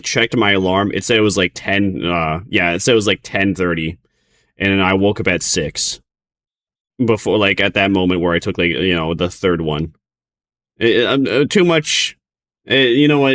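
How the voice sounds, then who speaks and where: Tired, rambling low-voiced man. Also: a bit bright. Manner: rambling, stumbling restarts, giggly. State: sleep-deprived, tired. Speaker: streamer reacting to a video. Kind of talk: casual reaction commentary.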